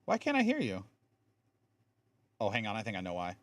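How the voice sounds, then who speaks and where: A man's voice: lowish voice, huge pitch swings, brisk, no echo. A man streaming a game, explaining game mechanics in a chatty way with lots of fillers. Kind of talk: casual live-stream commentary.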